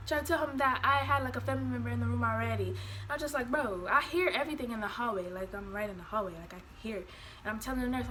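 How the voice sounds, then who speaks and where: A young woman telling a personal story in a casual, animated way, swearing freely and acting out the voices she quotes. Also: a little high, slight background noise. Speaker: vlogger.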